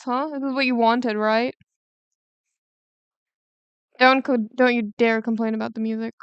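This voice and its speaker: A woman's voice: fairly high pitch, level tone, measured pace, pauses often, clean tone, no room sound. A woman livestreamer chatting casually while drawing, rambling onto tangents and joking.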